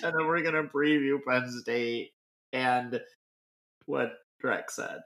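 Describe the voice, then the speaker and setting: A man's voice: medium pitch, unhurried, fairly bright tone. A young man co-hosting a sports podcast, giving a wry, mock-formal rundown. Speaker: podcast co-host. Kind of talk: casual sports podcast chat.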